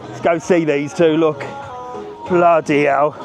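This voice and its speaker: A man's voice: fairly high pitch, level tone, slow pace. A man chatting and joking with viewers while walking outdoors on a live vlog. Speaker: travel vlogger. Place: outdoors on a busy seafront. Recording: music loud in background. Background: music playing nearby.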